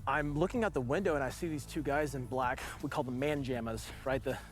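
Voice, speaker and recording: A man's voice: mid-range voice, a little fast, faint music behind. A man in his forties, a veteran guest, telling a long story in a loose, rambling way full of fillers. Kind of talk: casual storytelling.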